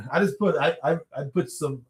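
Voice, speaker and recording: A man in his thirties from the New York area hosts a casual livestream, answering viewer questions in a rambling, chatty way and laughing often. His voice sits on the high side with a measured pace, and the sound is roomy.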